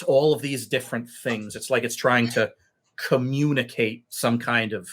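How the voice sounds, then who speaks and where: A man narrating a tabletop game as game master, telling the story in an unhurried way with many fillers. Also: medium pitch, fairly even intonation.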